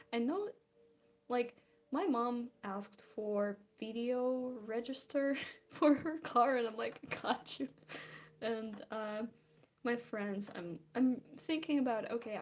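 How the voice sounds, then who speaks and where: A young woman chats casually while she draws, sounding tired. Her voice sits a little high, and she talks slowly, rambling, giggling and trailing off mid-thought. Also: darkish tone. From Belarus. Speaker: streamer. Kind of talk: casual chat while drawing.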